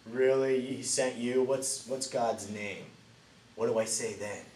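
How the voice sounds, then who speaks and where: A man's voice: mid-range voice, fairly even intonation, takes it slowly, a little mellow, close to an everyday voice. A man voicing Moses as a hesitant, doubting grown man who stumbles over his words, recorded from a distant mic in a roomy space. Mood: unsure. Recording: roomy, distant mic, faint ambient noise.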